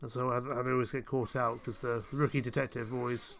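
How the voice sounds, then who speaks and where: Rambling man with a gravelly voice. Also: medium pitch, little pitch movement, brisk, noisy background. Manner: rambling, self-mocking, chuckling often. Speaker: game streamer. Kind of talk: casual live gameplay commentary.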